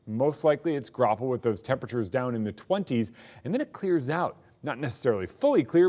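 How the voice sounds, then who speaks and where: A male TV meteorologist delivers the forecast with a very lively, animated pitch. He talks conversationally and speaks to viewers directly. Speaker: chief meteorologist. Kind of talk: weather forecast.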